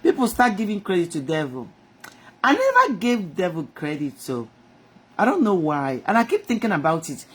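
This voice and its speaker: A woman's voice: fairly low pitch, huge pitch swings, normal speed, breathy edge. Impassioned woman preacher. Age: middle-aged. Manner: impassioned, swinging between soft and loud; rhetorical, talks to God and the audience. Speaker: inspirational speaker. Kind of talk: live-stream inspirational talk.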